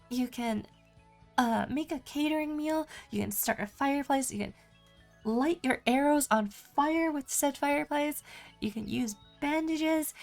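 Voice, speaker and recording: A woman on a gaming stream reads her chat aloud and goes over the options open to her in relaxed conversation. She has a high, creaky voice.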